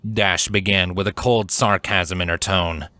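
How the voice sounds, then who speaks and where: A man reading fan fiction aloud as scripted narration, measured and steady. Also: sits low, no echo. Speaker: fanfiction reader.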